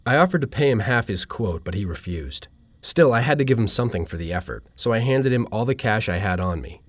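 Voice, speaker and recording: Deadpan male essay reader, lowish voice, dry close recording. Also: moderate pace, dry recording. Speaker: narrator. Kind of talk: reading a personal humorous essay.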